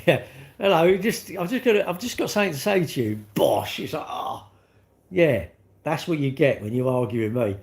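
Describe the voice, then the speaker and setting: A man's voice: fairly high pitch, sing-song, moderate pace, vocal fry. Chatty British man ranting on a livestream. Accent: British English. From United Kingdom. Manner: chatty, rambling, acts out little dialogues. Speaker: livestream host. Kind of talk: casual livestream chat.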